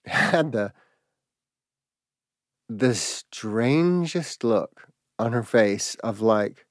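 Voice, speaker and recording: A man telling a personal story in a halting, reflective way, pausing and restarting as he searches for words. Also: fairly low pitch, lively intonation, no echo, studio quality.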